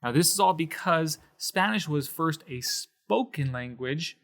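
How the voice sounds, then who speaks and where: A man explaining Spanish accent marks in a patient whiteboard lesson, slowing down to stress syllables. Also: fairly high pitch, expressive, fairly bright tone. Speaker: Spanish teacher.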